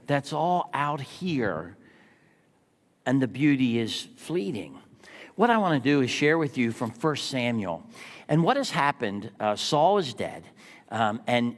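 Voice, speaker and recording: A man in his sixties preaching a sermon as pastor, telling stories and asking the congregation rhetorical questions. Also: mid-range voice. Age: 60s. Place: church sanctuary. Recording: long reverb of a church hall.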